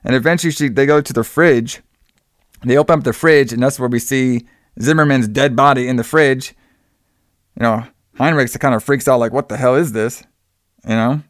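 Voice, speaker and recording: A man loosely recounts a film's plot in a casual chat, leaning on fillers and quoting characters as he goes. His voice is smooth and resonant, at an ordinary pitch. The recording is dry and close, with no room sound. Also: normal speed, dry recording. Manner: loose, filler-heavy retelling with quoted lines.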